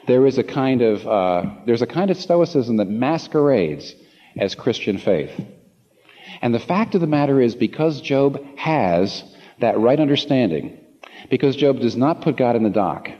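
A man preaching a sermon to a congregation, passionate, repeating phrases for emphasis and swinging from low asides to emphatic peaks. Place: large room before a congregation. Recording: long hall reverb, slightly muffled.

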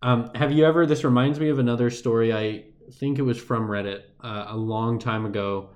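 A man's voice: mid-range voice, fairly even intonation, fairly quick, darkish tone. Mumbling storytelling man. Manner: rambling storyteller, trails off into mumbles. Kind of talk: casual chat.

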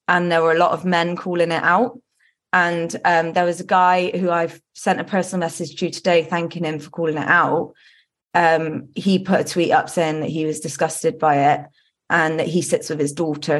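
A woman co-hosting a football podcast, talking candidly and earnestly with lots of ums and restarts. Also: fairly low pitch. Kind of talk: casual podcast chat.

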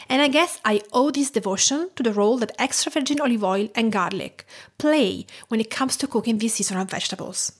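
A woman with an Italian accent hosts a cooking podcast in a scripted, enthusiastic way. Her voice sits a little high, and she talks about food with lively, descriptive care. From Tuscany, Italy. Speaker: podcast host and home cook.

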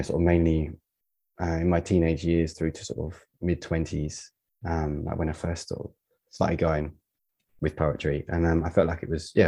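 A man from the United Kingdom speaks very low, with a dark, mellow tone and a husky grain. He is a poet being interviewed in a casual podcast talk. He muses aloud, hesitant and full of fillers. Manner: reflective, halting, many fillers. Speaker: poet guest.

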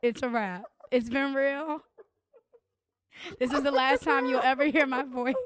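A young woman, co-hosting a casual chat, candid and animated, cursing and joking freely. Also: sits high, unhurried, heavy background noise.

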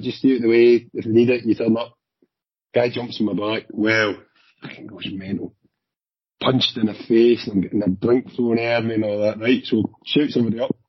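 In quick, animated bursts punctuated by the occasional curse, a former Glasgow police officer casually recounts anecdotes from his time on the job. His medium-pitched voice is very husky and rough-edged. The sound is dull and lo-fi, recorded close and dry without any echo.

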